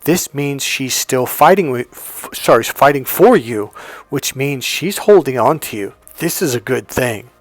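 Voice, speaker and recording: A man's voice: a little slow, dry recording. A man, a dating coach talking casually and bluntly, telling a story and acting out the other people's lines in a raised voice. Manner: animated, acts out both sides of dialogues in higher voices; blunt, crude language.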